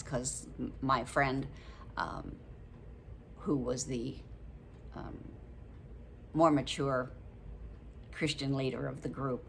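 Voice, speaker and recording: A woman's voice: very deep voice, bright, forceful tone, slight background noise. A woman in her late seventies chatting casually to her viewers about a book, rambling a little, with many ums and frequent laughs. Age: 70s. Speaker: vlogger reviewing a book. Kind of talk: casual chat to camera.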